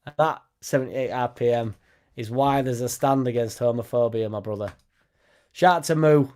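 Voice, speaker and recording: A man's voice: mid-range voice, normal speed, darkish tone. A young man hosting a football fan live stream, talking in a blunt, sweary, rambling way. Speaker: football fan channel host. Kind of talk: casual live-stream chat.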